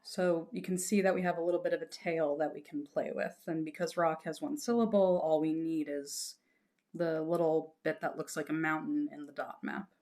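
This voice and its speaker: A woman's voice: low-pitched, fairly even intonation, normal speed, a little mellow. A woman teaching a lesson patiently, explaining step by step and reassuring her students, breaking into short chanted examples.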